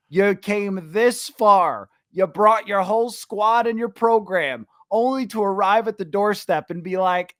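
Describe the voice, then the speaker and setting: A man's voice: sits high, unhurried, few pauses, a bit bright, no echo, studio quality. A man hosting a sports podcast, chatting casually, opinionated and ranting at times, with frequent filler sounds. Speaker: podcast host.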